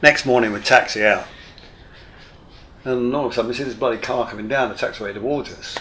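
An older man in a middle-pitched voice recounts a tale in casual, animated interview talk. He peppers his sentences with mild swearing and quick restarts. The recording carries a faint, steady hiss. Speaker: guest, retired airline captain. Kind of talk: casual anecdotal storytelling.

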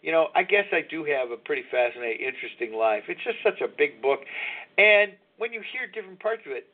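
Sixties male host, slightly high voice, rambling confessional monologue over a phone-thin line. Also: animated, brisk. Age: 60s. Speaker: radio show host. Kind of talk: candid recovery talk show monologue. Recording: tinny phone-line sound.

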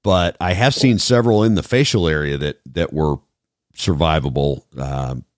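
A man hosting a podcast, talking in a measured, thoughtful way with many fillers. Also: a bass voice, no echo, studio quality. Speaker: podcast host, former trauma responder. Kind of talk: casual podcast conversation.

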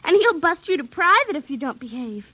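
A woman's voice: sits high, very animated, a little fast, pushed and bright, no echo, muffled recording, full character voice. A woman playing a young girl in a 1950s radio drama, speaking in an eager, pleading, childlike way. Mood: playful.

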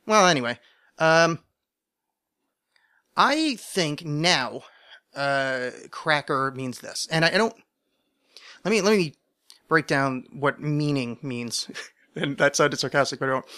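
A man's voice: on the high side, bright, forceful tone. A man hosting a podcast in a casual solo monologue, rambling and self-deprecating, with many restarts and asides. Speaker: podcast host.

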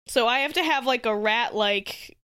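A woman's voice: fairly high pitch, normal speed, bright, forceful tone, clear, resonant tone, no echo, clean studio sound. A woman co-hosting a casual comedy podcast, giggly and rambling, often laughing at her own jokes. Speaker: podcast co-host.

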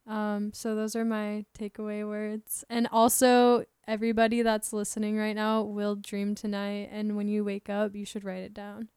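A woman's voice: medium pitch, monotone, moderate pace, hardly any pauses, a little mellow, smooth, no room sound, clean studio sound. A woman chatting casually as a podcast guest, upbeat and earnest, with lots of fillers. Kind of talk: casual interview chat.

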